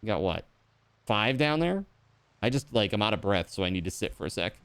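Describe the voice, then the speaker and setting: A man streaming a video game live, chatting casually and jumping into excited high outbursts. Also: a little fast, clear, resonant tone, dry recording. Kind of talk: live gameplay commentary.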